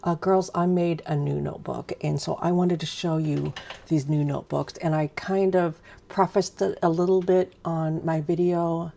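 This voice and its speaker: Fifties lady rambling on her craft livestream, low gravelly voice, lots of ums. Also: fairly even intonation, normal speed, warm tone. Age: 50s. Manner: chatty, rambling, self-deprecating, many ums. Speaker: craft live stream host. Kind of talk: casual live stream chat.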